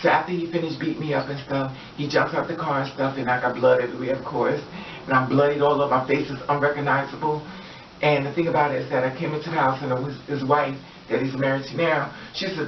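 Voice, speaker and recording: A man rambles through an emotional personal storytime, circling back and repeating his points. His voice sits a little high. The recording is echoey and muffled, with a faint hiss behind him. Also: fairly even intonation, fast talker, far from the mic.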